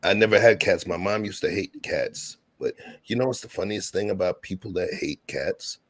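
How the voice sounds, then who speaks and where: A man's voice: normal speed, a bit bright. A man from Brooklyn, hosting a laid-back streamed chat and telling stories in street slang. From Brooklyn, New York. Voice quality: deep, gravelly and husky. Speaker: show host.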